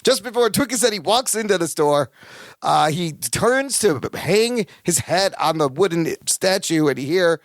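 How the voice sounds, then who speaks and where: A man co-hosting a podcast, recapping an episode in playful, animated storytelling. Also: high-pitched, measured pace, no room sound, studio quality. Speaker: podcast co-host.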